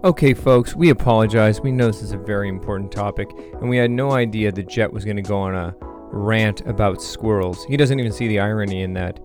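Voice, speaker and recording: A man's voice: a little fast, faint music behind, close to an everyday voice. A man putting on the voice of a formal show announcer who apologizes to the audience. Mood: apologetic. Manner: formal apologetic announcer patter, lower and quieter.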